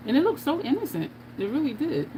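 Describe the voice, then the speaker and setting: Very animated and quick, a woman with a high-sitting voice chats through a casual makeup livestream. She laughs often and reads viewer comments aloud, and background noise is audible.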